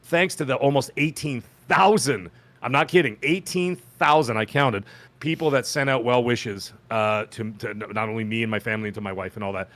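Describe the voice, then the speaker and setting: A man hosting a podcast, telling a long personal story in casual chat and acting out the people he quotes. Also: a little fast. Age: adult with children. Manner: animated, acts out quoted voices with pitch jumps. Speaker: podcast host.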